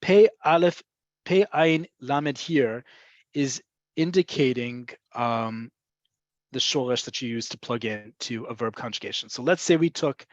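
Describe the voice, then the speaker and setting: A man's voice: mid-range voice, unhurried, dry recording, muffled recording. A man teaching a beginner-level online lesson, explaining patiently with frequent ums and checking in with "right?". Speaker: Hebrew teacher. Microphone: video call.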